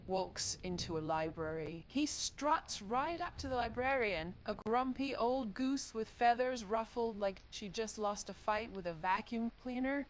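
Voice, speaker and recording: A synthetic-sounding woman streamer tells playful, punny stories to her live chat in a mid-pitched voice. Her delivery is upbeat, with bouncy swings in pitch. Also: slight background noise, rough recording.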